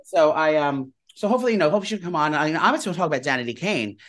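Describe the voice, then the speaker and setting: A man's voice: fairly high pitch, lively intonation, a bit bright. A man co-hosting a podcast, telling gossipy stories in a casual chat. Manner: rapid-fire gossipy storytelling. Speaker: podcast co-host.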